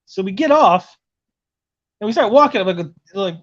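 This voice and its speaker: A man's voice: high-pitched, lively intonation, a little fast. A man telling a long travel story in casual chat, swearing often and filling his talk with "like" and "right?". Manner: rambling, profane storytelling with lots of "like" and "right?". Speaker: podcast host. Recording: lo-fi muffled audio.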